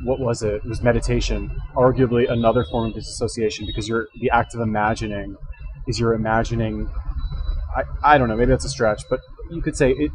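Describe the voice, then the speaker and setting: A man hosts a reaction video, thinking aloud in casual commentary while rambling and correcting himself, speaking into a headset. His mid-range voice is husky, and the audio is poor.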